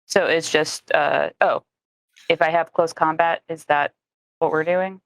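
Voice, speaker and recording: Low-voiced woman at a tabletop game asking about rules, dry close sound. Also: fairly even intonation, a little slow, gravelly, no echo. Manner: careful, asks rules questions. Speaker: player.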